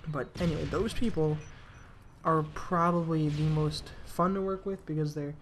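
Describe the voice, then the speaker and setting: A man's voice: on the high side, fairly even intonation, moderate pace, slight background noise. A young man telling rambling work stories in casual commentary over a video game, with restarts and the odd swear. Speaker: gaming commentator.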